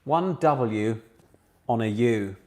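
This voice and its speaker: A man hosts a relaxed online pub quiz from home, speaking at a medium pitch. He chats and mocks himself with jokey asides between questions. His voice comes through a home computer mic on a video call. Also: takes it slowly. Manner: chatty, self-mocking, jokey asides. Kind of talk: casual online quiz hosting.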